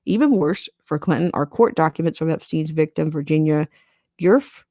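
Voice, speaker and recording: A woman's voice: deep voice, brisk, mellow, no room sound, studio quality. A woman hosting a podcast, reading a news article aloud and breaking in with sarcastic asides. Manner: sarcastic asides between read quotes. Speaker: podcast host.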